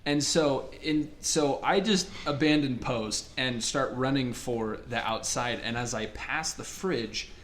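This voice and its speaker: A man's voice: medium pitch, slow pace, few pauses, a little hiss or hum. A young man co-hosting a podcast, telling a story in casual chat and acting out the people in it. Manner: animated, laughing, acts out voices in quotes. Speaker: podcast co-host.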